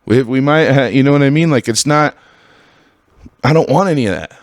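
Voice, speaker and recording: A man hosting a podcast in a casual, heated monologue, swearing freely and swinging between loud outbursts and low mutters. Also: brisk, dry recording, studio quality. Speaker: podcast host.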